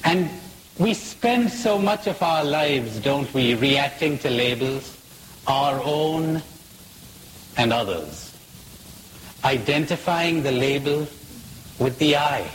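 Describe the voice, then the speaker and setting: A man's voice: fairly high pitch, animated, takes it slowly, long pauses, long reverb tail, a little hiss or hum, poor audio. A man giving a reflective spiritual talk, asking questions and telling jokes in a playful storytelling manner.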